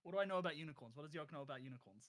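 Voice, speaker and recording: A man's voice: fairly high pitch, rapid-fire, fairly bright tone. A man playing a tabletop role-playing game, chatting casually and laughing as he describes his character. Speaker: player.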